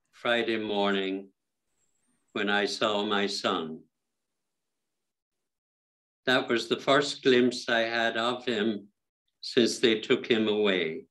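A man reading a prayer meditation in the voice of a grieving mother whose son is condemned, in a quiet, reflective way. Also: mid-range voice.

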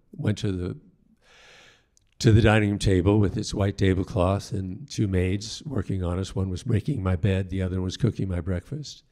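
This is an older male priest with a low, gravelly voice and a dark, mellow tone. He tells his stories slowly and reflectively, often breaking off and starting a sentence again. He acts out the voices of the people he quotes. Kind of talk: storytelling talk.

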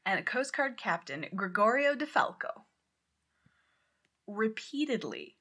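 A woman co-hosting a podcast, telling a story in casual chat, animated and swearing as she acts out quotes loudly. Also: mid-range voice. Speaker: podcast co-host.

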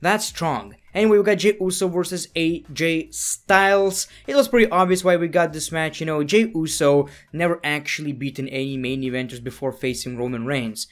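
A man talking through last night's wrestling in a loose, off-the-cuff voice-over. His voice sits on the higher side for a man, and he swings from flat sarcasm to sudden excited outbursts. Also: moderate pace, few pauses. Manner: excitable, jokey, sarcastic asides. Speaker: wrestling reviewer. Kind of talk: casual show recap. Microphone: voice-over, no camera.

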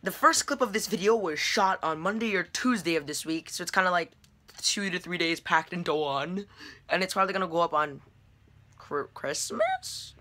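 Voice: medium pitch, fairly quick, sharp tone. A chatty, self-deprecating vlogger talking casually to the camera. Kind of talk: casual vlog chat. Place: store, then at home.

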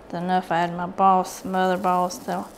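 A woman's voice: lowish voice, completely flat delivery, moderate pace, slight background noise. A woman with a Southern US accent hosting a casual craft video, chatty and rambling as she works. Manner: rambling, chatty and self-deprecating. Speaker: craft channel host. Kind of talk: casual craft tutorial chat.

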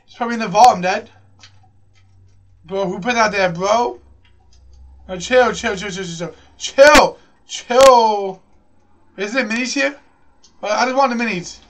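A man calls out live gameplay in a high, bright voice, jumping from one excited thought to the next. He repeats lines over and over and throws "bro" into nearly every sentence. His voice sounds a little distant from the microphone. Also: moderate pace, long pauses. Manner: excitable, repeats phrases, says "bro" constantly. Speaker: gaming channel host.

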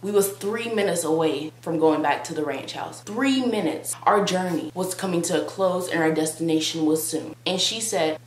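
A woman's voice: lowish voice, normal speed, few pauses. A young woman vlogger telling a comic story in a dramatic, sarcastic, exaggerated way. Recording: roomy with faint hum.

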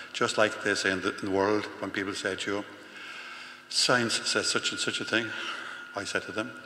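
Man, 60s, parish priest, funeral homily, halting, repeats words, low bright voice, echoey church, faint hum. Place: large church.

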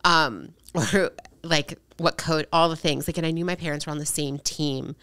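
Speaking at a moderate pace, a woman with a low-pitched, clear, resonant and fairly bright voice hosts a podcast with fairly even intonation and no room sound. It's a casual conversational interview, and she's earnest and chatty, often adding "right?" after her points.

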